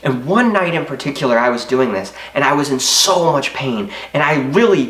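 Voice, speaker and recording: A man's voice: a little high, lively intonation, brisk, few pauses, fairly bright tone, echoey room. A man in his twenties telling a painful personal story in an earnest, emotional, confessional way, with hesitations. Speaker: motivational speaker. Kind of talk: personal story told to camera.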